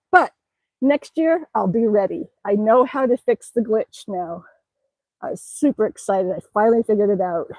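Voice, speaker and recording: A woman's voice: on the high side, darkish tone, no echo, low-quality recording. Breathless cheerful woman streaming outdoors. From Alaska. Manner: chatty, cheerful, exclaiming often. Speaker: livestreaming vlogger. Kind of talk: casual live-stream chat. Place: outdoors, by an exercise bike.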